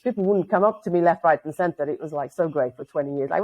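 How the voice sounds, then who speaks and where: A woman who is not a native English speaker, chatting as a guest and telling stories with animated quotes. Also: sits low, fast talker, few pauses, lo-fi sound. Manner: lively storyteller, acts out quotes. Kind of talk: casual conversation on a video call.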